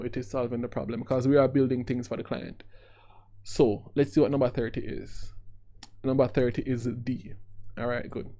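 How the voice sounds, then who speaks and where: A man with a warm, mellow voice works through exam questions as a tutor. He reasons out loud and corrects himself as he goes, at an unhurried, conversational level. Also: medium pitch. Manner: thinks aloud, corrects himself.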